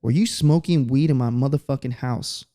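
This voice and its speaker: A man quoting his stern, angry father in a story, threatening and yelling. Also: mid-range voice, moderate pace, lightly acted.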